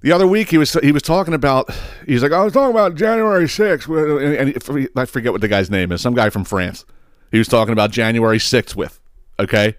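A man's voice: mid-range voice, fairly quick, clear, resonant tone, dry recording, studio quality. A man hosting a podcast, ranting about politics with heavy swearing and repeated words. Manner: emphatic, swearing, repeats himself. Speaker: podcast host. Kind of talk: profane political rant.

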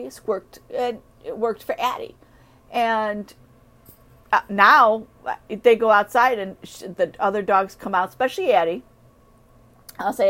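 A middle-aged woman chatting casually about training her dogs, rambling and animated as she acts out what the dogs would say. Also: medium pitch. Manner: rambling, animated storytelling with acted-out dog voices. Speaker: dog owner sharing training tips. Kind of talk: casual chat.

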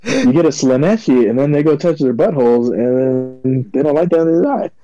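Mellow, laid-back male podcast co-host. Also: medium pitch, expressive, normal speed, no echo, highs cut off. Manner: laid-back, chiming in, casual swearing. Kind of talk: casual chat.

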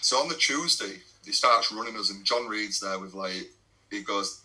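Laughing young English footballer, bright voice. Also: male voice, lowish voice, moderate pace, poor audio. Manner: laddish, swears, laughs through stories. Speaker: podcast guest, non-league footballer. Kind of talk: casual storytelling chat.

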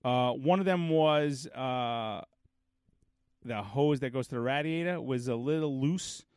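A man's voice: mid-range voice, measured pace, a little mellow, smooth, no room sound. Dry-sounding man telling a story. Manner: storytelling, acts out quoted dialogue. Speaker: podcast co-host. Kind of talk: casual chat.

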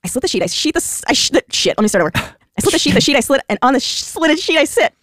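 A woman's voice: high voice, big pitch swings, racing, a bit bright, no echo, clean studio sound. A woman co-hosting a podcast in casual chat, playful and giggly, teasing the others. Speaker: podcast co-host.

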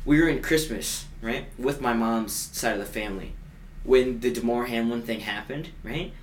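A young man co-hosting a podcast, telling sports stories in an animated, sarcastic, self-mocking way. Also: medium pitch, moderate pace, slight background noise. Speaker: podcast co-host. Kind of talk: casual sports chat.

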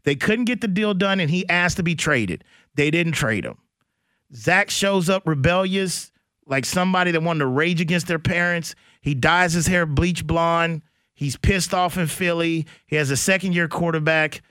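A man hosting a sports radio show, talking in a blunt, animated, slangy way about football news. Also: a little high, moderate pace, no room sound, studio quality. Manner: animated, blunt, slangy, does mock voices. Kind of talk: casual sports talk.

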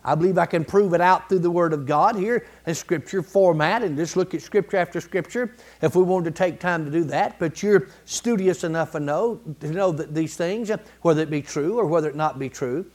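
A man preaching a sermon in a folksy, colloquial way, building to emphatic repeated phrases and clearing his throat now and then. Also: fairly high pitch, a little fast, hardly any pauses, darkish tone. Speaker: pastor.

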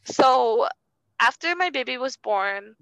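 Creaky young woman recounting her story. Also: high voice, expressive, fairly bright tone, dry recording, poor audio. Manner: halting, full of fillers and restarts, earnest. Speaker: interview guest. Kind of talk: personal testimony in conversation.

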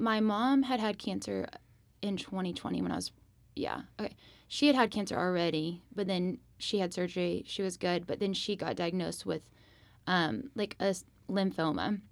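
A woman's voice: medium pitch, gravelly, no room sound. Woman sharing a heartfelt story. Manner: conversational, heartfelt, many fillers. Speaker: podcast guest. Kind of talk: personal testimony, casual.

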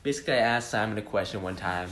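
A man's voice: lowish voice, very fast, a bit bright, a little hiss or hum. A young man co-hosting a podcast, chatting casually and animatedly, often laughing while he jokes. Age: young adult. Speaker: podcast co-host. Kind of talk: casual chat.

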